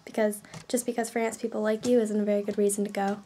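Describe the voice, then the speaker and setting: A woman's voice: mid-range voice, little pitch movement, fast talker, warm tone, slight background noise. A woman from Canada, chatting casually in a vlog, rambling with lots of fillers. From Canada, New Brunswick. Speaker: vlogger.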